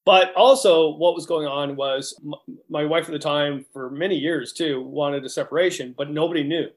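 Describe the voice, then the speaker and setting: A man's voice: a little high, moderate pace. Hyper rambling man in his 50s. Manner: hyper, rambling, animated, many restarts. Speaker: guest, outdoors guidebook author. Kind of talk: casual interview chat.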